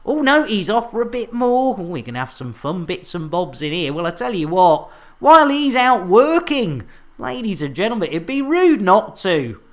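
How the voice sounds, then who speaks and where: A man's voice: sits high, very animated, normal speed. Jokey man streaming a game. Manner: jokey, innuendo-laden, chatty with viewers. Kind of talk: live gameplay commentary.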